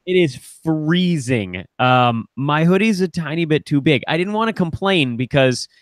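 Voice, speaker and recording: Brief: male podcast co-host, high and bouncy delivery, animated chat, dry close sound. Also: measured pace, no echo. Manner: animated, laughs often. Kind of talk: casual live podcast chat.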